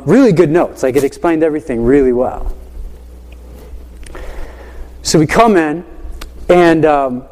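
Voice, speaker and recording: A man who teaches high school, telling a classroom story in a casual, animated way with lots of fillers. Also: long reverb tail. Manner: animated, chatty, many fillers like "you know".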